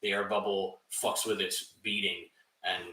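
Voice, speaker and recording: A young man co-hosting a podcast, telling a story casually, animated and swearing, often laughing and acting out other people's voices. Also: low-pitched, measured pace, echoey room, recorded from a distance, low-quality recording. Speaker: podcast co-host.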